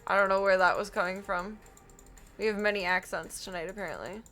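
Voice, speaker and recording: A woman's voice: medium pitch, fairly even intonation, a little fast, bright, forceful tone, faint music behind. A young woman live-streaming, chatting casually with a giggly, rambling, self-deprecating manner.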